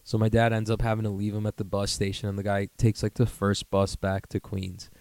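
A man's voice: on the low side, completely flat delivery, a little fast, creaky, darkish tone, clear, resonant tone, no room sound. Young man, podcast host, casual profane storytelling, rambling, dry close sound. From New York area. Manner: profane, rambling, laughs through his story.

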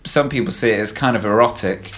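A man's voice: fairly low pitch, quick pace, a bit bright. A man, hosting a casual comedic podcast chat in a teasing, self-deprecating way. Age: 20s. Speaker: podcast host.

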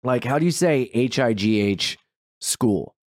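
A man from Delaware with a Delaware accent, chatting casually as a podcast guest and telling lively stories. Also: mid-range voice, a little slow, no echo, clean studio sound. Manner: animated storyteller, jumps into goofy voices.

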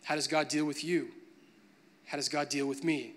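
A man's voice: on the high side, steady tone, moderate pace, a bit bright. A man preaching a sermon, moving from a conversational tone to emphatic, building preaching. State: briefly choked up with emotion.

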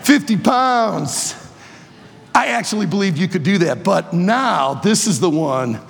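A man in his sixties preaching an energetic sermon to students in a large auditorium, joking playfully and bursting into shouts. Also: sits high, measured pace, vocal fry, a little hiss or hum. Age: 60s. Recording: long reverb of a large hall.

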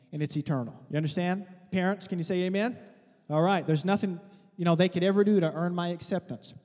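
A male pastor delivers an animated, conversational sermon, often turning to the congregation with questions and teasing asides. His voice sits high yet sounds mellow and soft-edged. A long reverb from the church hall trails behind his words.

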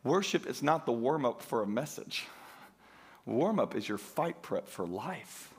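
A man's voice: mid-range voice, sing-song, measured pace, slightly rough. A man preaching a sermon to a church congregation, emphatic and driving, calling out for praise in call-and-response. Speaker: pastor. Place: church sanctuary.

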